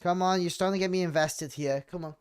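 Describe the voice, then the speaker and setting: A man streaming a horror game, commenting playfully and breaking into loud excited yelps and meows. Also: high voice, fast, smooth.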